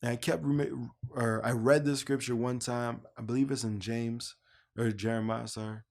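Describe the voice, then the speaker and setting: A young man from Canada telling his own life story in a casual, lively way, acting out the remembered dialogue. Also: moderate pace, vocal fry. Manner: animated storyteller who acts out both sides of remembered dialogue in a higher voice. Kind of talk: casual personal testimony.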